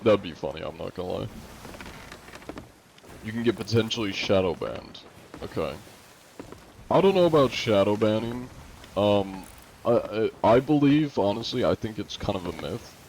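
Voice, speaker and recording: Rambling young male streamer, low-pitched. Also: sing-song, moderate pace, creaky, pauses often, a little mellow, slight background noise, rough recording. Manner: rambling, lots of "like" and "um" fillers. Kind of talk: casual gaming chat.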